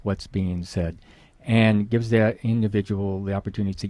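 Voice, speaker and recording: A man's voice: on the low side, fairly even intonation, moderate pace, dark tone, no echo. A middle-aged man, a guest expert, explaining in conversation to an interviewer and acting out example phrases with emphasis.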